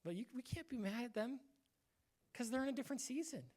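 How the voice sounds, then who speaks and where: A man's voice: very high voice, animated, fast talker, a little mellow. A male pastor giving a casual, conversational sermon, acting out short quoted voices now and then.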